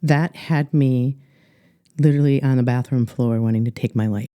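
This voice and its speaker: Middle-aged Upper Midwest woman coach, earnest, halting delivery, very dark tone, dry close mic. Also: very deep voice, no echo. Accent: Upper Midwest American. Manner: earnest, halting, many fillers and restarts. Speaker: guest life coach. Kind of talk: podcast interview, personal story.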